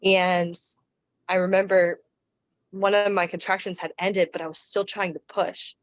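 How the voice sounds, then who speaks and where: A woman guest on a podcast, casually telling a personal story in a relaxed, chatty way with fillers and restarts. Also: lowish voice, unhurried, dull audio.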